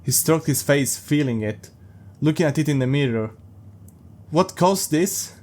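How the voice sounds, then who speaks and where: A man's voice: mid-range voice, normal speed, a little mellow. A man hosting a podcast, reading a story aloud and breaking off for amused, sarcastic commentary. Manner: amused, sarcastic asides, laughs often. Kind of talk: casual reading with mocking commentary.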